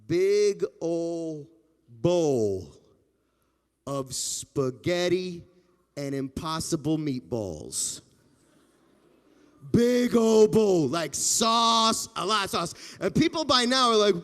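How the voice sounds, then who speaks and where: A man telling a playful children's story at a temple family service, animated and full of sound effects. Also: high voice, unhurried, big-room sound. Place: temple sanctuary.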